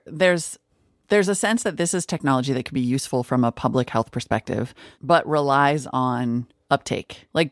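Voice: medium pitch, no room sound, clean studio sound. An interviewer asking pointed, probing questions in a news interview.

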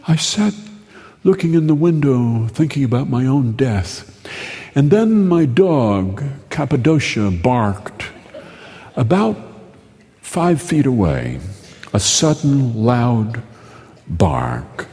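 Male host-storyteller, deadpan and unhurried, long reverb. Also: mid-range voice. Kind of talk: humorous storytelling monologue.

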